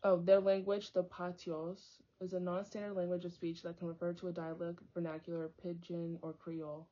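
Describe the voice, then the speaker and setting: A young woman with a fairly low, mellow voice reads a book aloud at a fairly quick clip, keeping her tone level. She trips over difficult words and keeps drifting into chatty asides as she comments on it. The audio is dull and lo-fi.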